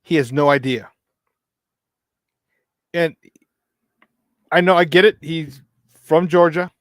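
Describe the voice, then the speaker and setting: A slightly high-voiced man holding forth as a sports talk host. He rambles in a casual monologue, hammering his points by saying them twice. The sound is dry and close. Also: slow, a bit bright, dry recording. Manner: repetitive, emphatic, preachy asides.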